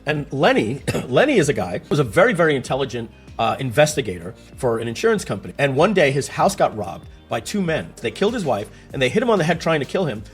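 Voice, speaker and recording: Animated husky man explaining. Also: mid-range voice, fast talker, few pauses, soft background music. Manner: animated, storytelling, rhetorical questions. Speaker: tech explainer. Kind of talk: casual screen-share explanation.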